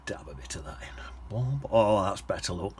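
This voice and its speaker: A man's voice: deep voice, lively intonation, moderate pace, a little hiss or hum. A man teaching watercolour, chatting casually and often dropping to a whisper as he paints. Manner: chatty, drifts into soft whispers and hums while painting.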